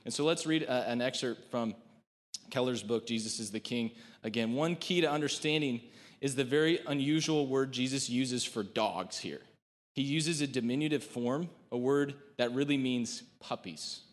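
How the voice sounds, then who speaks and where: A man giving a sermon in a relaxed, conversational way, with joking asides and quotes he acts out. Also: medium pitch, normal speed, in a large hall. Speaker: preacher.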